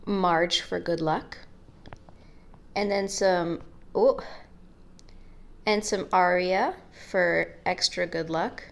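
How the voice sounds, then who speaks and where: A young woman with a slightly low voice walks through her sketchbook in a loose, chatty vlog. She rambles and jokes, drifting into asides and filling gaps with casual fillers. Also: steady tone, extremely slow, gravelly, pauses often. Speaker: art vlogger.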